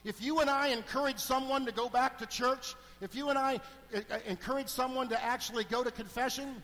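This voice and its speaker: A middle-aged man delivers a sermon as a deacon, his voice pitched high and ringing out. He drops to hushed asides, then builds to emphatic calls. The church around him adds a long, lingering reverb. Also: a little fast, few pauses. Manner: animated, swings between hushed and emphatic.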